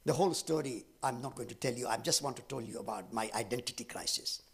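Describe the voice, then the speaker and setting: A man from India with an Indian accent, speaking at a public event and telling a personal story in an earnest way, with dramatic pauses. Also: mid-range voice, creaky, husky.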